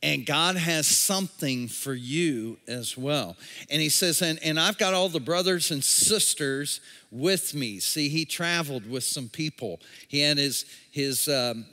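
A man's voice: fairly high pitch, a little slow, bright, forceful tone. A man, the church's pastor, preaching a sermon and reading scripture aloud with casual asides to the congregation. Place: large room, a movie theater used as a church. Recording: long hall reverb.

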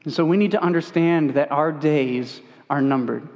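A man's voice: on the high side, moderate pace, darkish tone, muffled recording. A man preaching a sermon as pastor, earnest and conversational, speaking from a church stage. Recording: long church hall reverb.

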